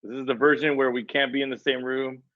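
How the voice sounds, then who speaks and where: A joking man on a video call who laughs easily. His voice has a mid-range pitch. The call audio sounds dull and lo-fi. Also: little pitch movement, fast talker. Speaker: co-host. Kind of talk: casual chat on a video call.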